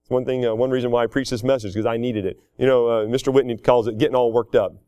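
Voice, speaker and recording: A middle-aged man preaching a sermon in a folksy, animated way, chuckling often and acting out quotes. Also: medium pitch, fast, clear, resonant tone, no echo, studio quality. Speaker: pastor.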